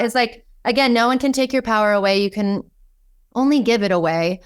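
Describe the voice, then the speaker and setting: A woman guest on a podcast, telling a lively anecdote in conversation, with frequent "like" and "um". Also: on the high side, brisk, clear, resonant tone. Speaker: guest, kink educator. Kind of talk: storytelling in conversation.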